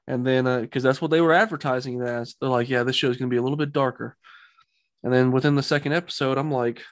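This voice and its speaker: A man's voice: medium pitch, fairly even intonation, fast, no room sound, studio quality. A man in casual chat as a podcast co-host, opinionated and rambling, mocking what he dislikes.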